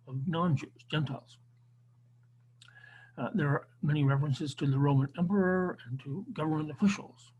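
Male Bible teacher on a video call, fairly high voice, unscripted lecture. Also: a little mellow, slight background noise, low-quality recording. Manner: unscripted, with frequent restarts and fillers. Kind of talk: online Bible class lecture.

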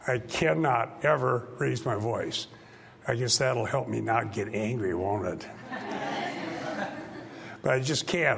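A man, a pastor, leading an informal church class discussion into a microphone, talking in short, halting, unhurried phrases and never raising his voice. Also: mid-range voice, gravelly, a bit bright. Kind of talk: informal church teaching talk.

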